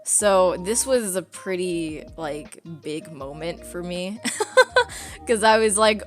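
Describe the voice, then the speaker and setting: A woman's voice: fairly low pitch, slow pace, faint music behind. A woman streamer telling a story in casual chat, rambling with many fillers and breaking into laughs. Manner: rambling, filler-heavy, excitable with frequent laughs.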